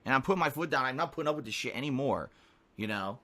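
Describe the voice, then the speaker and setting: A man's voice: mid-range voice, animated, fast talker, a bit bright. A man live-streaming and talking to his chat, ranting heatedly with a lot of swearing. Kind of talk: unscripted stream talk to chat.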